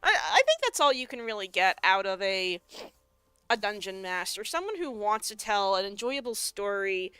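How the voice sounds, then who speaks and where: A woman's voice: medium pitch, big pitch swings, moderate pace, sharp tone, clear, resonant tone, dry recording, faint music behind. A young woman streaming as she crafts, chatting casually, swearing cheerfully and laughing often as she answers her chat. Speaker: live streamer and tabletop game master.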